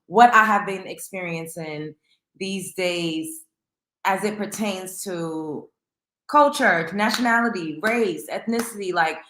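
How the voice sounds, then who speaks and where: A woman's voice: lowish voice, slow pace, fairly bright tone, echoey room. A woman hosting a casual livestream, talking chattily to her viewers. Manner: chatty, greets viewers by name. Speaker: livestream host.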